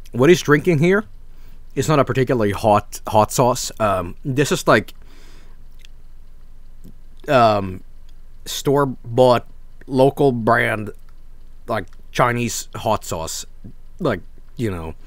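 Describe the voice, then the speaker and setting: Dude streaming, tasting snacks, hyped and cussing, rambly. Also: male voice, medium pitch, no room sound. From Sweden. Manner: enthusiastic, swears freely, rambling. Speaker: streamer host. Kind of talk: casual snack review stream.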